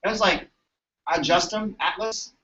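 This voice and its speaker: Man, chiropractor, chatty animated storytelling, dull distant mic, echoey room. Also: sits high, normal speed. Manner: animated, chatty, keeps asking "right?". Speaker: chiropractor presenting to colleagues. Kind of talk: storytelling talk to an audience.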